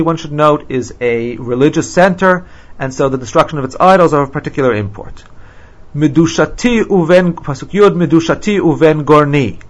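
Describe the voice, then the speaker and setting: A man's voice: a little high, a bit bright. Man teaching a scripture lecture. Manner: measured, reads Hebrew verses then translates, many ums. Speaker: Bible teacher.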